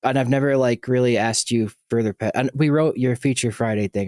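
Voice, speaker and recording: A man's voice: mid-range voice, fast, a little mellow, dry recording, studio quality. Chatty man hosting a podcast. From United States. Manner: chatty, rambling with many fillers and restarts. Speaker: podcast host. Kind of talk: casual chat.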